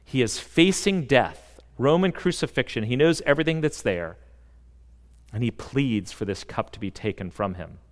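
A pastor giving a sermon in a church, earnest and emphatic, with dramatic pauses. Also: male voice, medium pitch, in a large hall. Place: church sanctuary.

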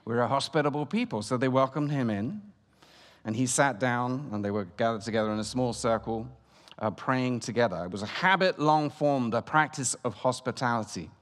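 A man's voice: medium pitch, moderate pace. Man preaching in an echoey church. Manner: storytelling, swings between loud and hushed. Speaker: guest preacher. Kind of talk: sermon. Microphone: room microphone. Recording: long church reverb.

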